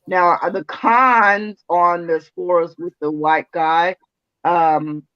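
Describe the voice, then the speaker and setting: A woman's voice: fairly low pitch, fairly even intonation, slow, clear, resonant tone, no room sound. A woman co-hosting a podcast in casual chat, talking hesitantly with many fillers. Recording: dry, dull lo-fi sound.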